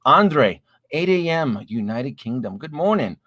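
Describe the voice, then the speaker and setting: A man's voice: medium pitch, animated, a little slow, fairly bright tone, no room sound, clean studio sound. A middle-aged man hosting a casual late-night livestream, recovering from a chest cold and a little short of breath, greeting viewers one by one with plenty of "uh"s. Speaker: livestream host. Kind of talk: casual live-stream chat reading viewer names.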